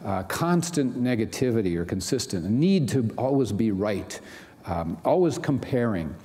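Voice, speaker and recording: A man's voice: fairly low pitch, big pitch swings, normal speed, dark tone. Conversational male pastor in a reverberant hall. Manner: conversational, many "you know" asides. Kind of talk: sermon.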